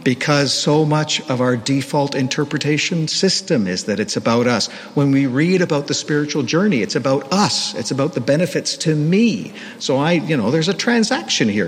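A man's voice: a little high, expressive, normal speed, hardly any pauses, slightly rough. A man preaching a sermon in a candid, self-deprecating, conversational manner. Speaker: pastor. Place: church. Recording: long hall reverb, faint ambient noise.

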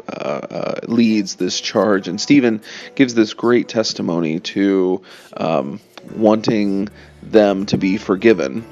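Man, gravelly low voice, casual sermon, dull lo-fi sound, faint music behind. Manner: conversational, relaxed, with fillers and asides. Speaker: pastor. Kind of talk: sermon with scripture reading.

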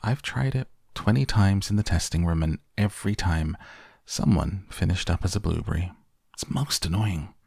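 A man voicing an eccentric male inventor who sighs ruefully and turns brisk, in a storybook reading. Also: low-pitched, vocal fry, a little mellow, breathy edge, no echo, studio quality, exaggerated voice. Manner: wistful sighing, then briskly matter-of-fact.

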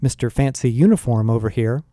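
A man's voice: medium pitch, brisk, mellow, dry recording, studio quality, lightly acted. A man voicing a sarcastic teenage girl with a snarky, scoffing manner.

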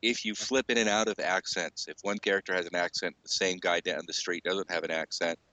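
A man in a casual podcast chat who explains his views in a measured way. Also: sits low, steady tone, pushed and bright, no room sound, rough recording.

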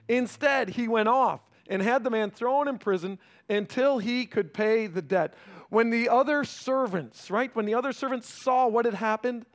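A pastor preaching a sermon in a conversational way, often checking in with the congregation and dropping to a hushed, slow delivery for emphasis. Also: male voice, high voice. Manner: swings between raised emphasis and hushed, slowed delivery.

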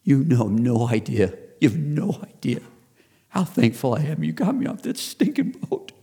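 A man's voice: mid-range voice, wildly swooping pitch, moderate pace, dark tone, slightly rough, voice pushed up, full character voice. A man voicing a weary, grateful old man who calls out in relief and pleading joy. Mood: overjoyed.

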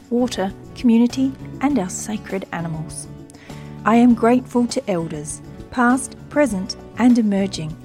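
A woman's voice: mid-range voice, mellow. A woman with an Australian accent, hosting a podcast and introducing the episode in an earnest, grateful way. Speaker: podcast host.

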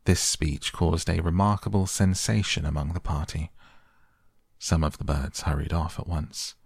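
A man reading a bedtime story slowly and softly, with a husky voice. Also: sits low, dry recording, clean studio sound. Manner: slow, soft, sleepy. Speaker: narrator.

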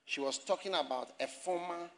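A man preaching a sermon in a church, animated and often shouting and laughing as he addresses the congregation and online viewers. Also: high-pitched, moderate pace. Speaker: pastor.

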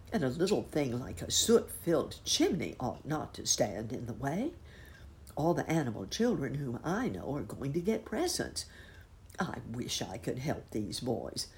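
Woman doing a kindly old rabbit gentleman. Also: rumbling low, heavily acted. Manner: polite, gentle.

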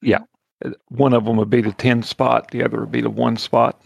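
A man, playing a tabletop game and chatting in a relaxed, joking way. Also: mid-range voice, brisk, creaky, no echo. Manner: relaxed, joking, laughs easily. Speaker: player. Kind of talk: casual chat at a game table.

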